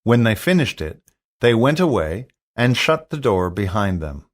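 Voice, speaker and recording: A man narrates a storybook for learners in a careful, expressive way. He reads slowly, and his voice rises and falls a great deal to carry the story. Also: fairly low pitch. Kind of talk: storybook read-aloud for learners.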